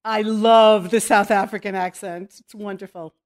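A woman's voice: medium pitch, fairly even intonation, moderate pace. A middle-aged woman hosting a podcast from her home, chatty and enthusiastic as she introduces her guest. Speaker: podcast host.

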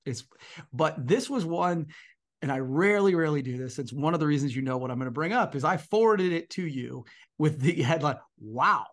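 A male podcast co-host whose voice sits a little higher than most men's. He talks in a relaxed, chatty way, winding through his points with easy fillers. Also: a little fast. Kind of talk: casual podcast chat.

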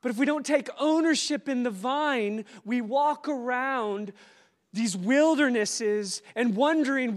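A man preaching a sermon at a church conference, animated, rising to loud exclamations and dropping to soft reflective asides. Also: very high voice, a little slow. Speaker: conference speaker. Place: church auditorium. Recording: live in a large hall with long reverb.

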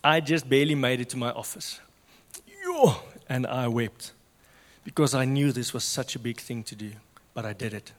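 A man preaching a sermon with passion, swinging from loud to hushed. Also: mid-range voice, fairly even intonation, fairly quick, long reverb tail.

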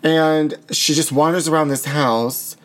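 A man in casual chat, recapping a film plot in a gossipy, campy way with quick asides and restarts. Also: fairly high pitch, steady tone.

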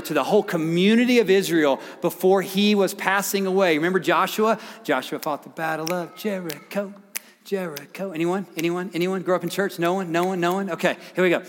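A fairly high-voiced man preaches in a church, his voice trailing off into a long hall reverb. He reads scripture with sudden swells and drops to near whispers. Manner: dramatic, swings from loud to hushed whispers. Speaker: pastor. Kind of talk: sermon.

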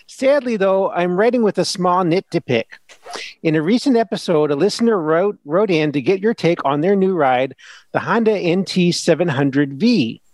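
A man's voice: sits high, a little mellow, no room sound. A man reading out a listener's email in a put-on Minnesota accent, as an earnest Midwestern motorcycle fan. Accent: put-on Upper Midwest, Minnesota.

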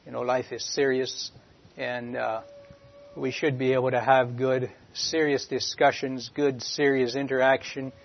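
A man giving an informal church teaching in a halting way, often pausing and searching for words. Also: medium pitch, level tone, vocal fry, a little hiss or hum. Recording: dull lo-fi recording.

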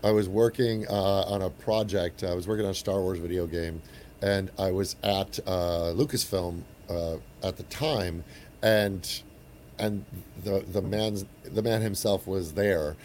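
A man in his forties, an actor telling an anecdote in casual chat, animated with frequent restarts. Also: deep voice, unhurried, a little hiss or hum. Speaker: actor and guest.

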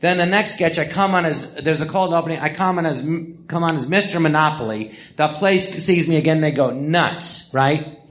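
Before a live audience in a podcast theatre, an older host spins rambling stories from his life, restarting often and acting out what people said. His pitch is fairly high, his tone fairly bright, and his pace moderate.

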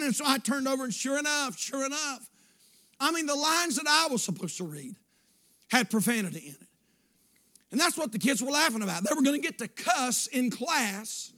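A man in his fifties preaching a sermon, moving between shouted declarations and quiet, hushed storytelling. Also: very high-pitched, normal speed, long pauses. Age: 50s.

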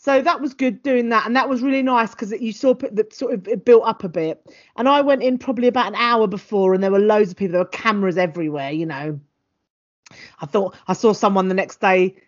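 A woman co-hosting a podcast, telling a story in an animated, chatty way over a home mic on a call. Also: mid-range voice, brisk, dull audio. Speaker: podcast co-host. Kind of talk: casual chat. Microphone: home mic on a video call.

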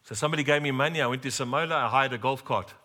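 A man's voice: medium pitch, very fast, sharp tone. A middle-aged man preaching a sermon, telling a humorous personal story and talking straight to the congregation.

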